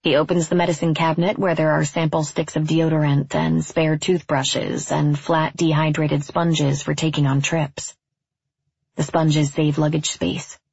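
A woman reading a first-person story aloud in a measured, wryly understated way. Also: sits low, flat delivery, vocal fry, darkish tone, slightly rough, dry recording, muffled recording. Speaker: narrator.

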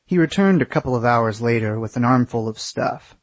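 A man's voice: medium pitch, animated, fairly quick, no echo. A young man narrating his own travel story in the first person, crude and wry.

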